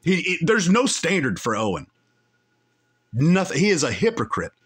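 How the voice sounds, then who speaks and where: A man delivering a heated commentary rant, his pitch leaping up and down as he repeats his points. His voice sits a little high for a man, and he piles insult on insult with emphatic force. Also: wildly swooping pitch, moderate pace, fairly bright tone, husky. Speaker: commentary show host. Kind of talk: angry commentary on clips.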